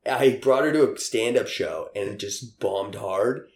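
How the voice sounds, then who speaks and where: A man's voice: fairly low pitch, unhurried, darkish tone. Rambling young man in an echoey room. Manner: rambling, laughs often, many fillers. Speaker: interviewee. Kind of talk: casual storytelling.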